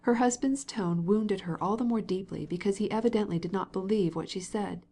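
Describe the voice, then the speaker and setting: A woman narrating a classic novel as an audiobook, in measured storytelling. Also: mid-range voice, warm tone. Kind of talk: scripted narration.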